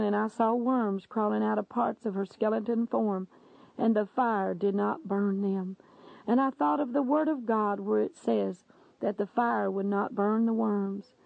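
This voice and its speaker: A woman's voice: a little high, gravelly, darkish tone, dry recording. A woman reading a religious testimony aloud in an earnest, solemn, dramatic way. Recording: dull lo-fi dry recording.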